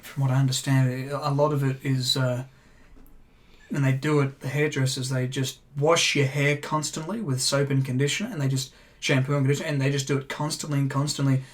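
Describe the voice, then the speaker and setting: A man's voice: medium pitch, flat delivery, brisk. A man co-hosting a casual podcast who hesitates and repeats words as he explains things. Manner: hesitant, repeats words, frequent backchannel agreement. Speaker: podcast co-host. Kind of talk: casual chat.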